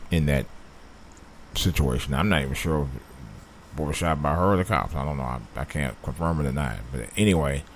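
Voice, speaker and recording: A man from Cleveland hosting his own commentary show, talking it through alone on his own mic, starting low and somber and building into loud, angry, profane ranting. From Cleveland, USA. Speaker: host of a solo commentary show. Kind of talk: unscripted solo commentary. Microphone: own microphone.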